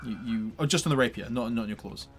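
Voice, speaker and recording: A man's voice: medium pitch, fast talker. A man narrating as game master of a tabletop game, hesitant, with many fillers and restarts.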